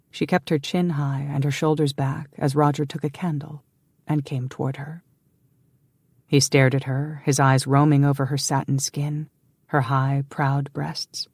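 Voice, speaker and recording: A woman narrating a historical romance audiobook in a measured way, going hushed in the intimate passages. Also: rumbling low, no echo, studio quality. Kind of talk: scripted narration.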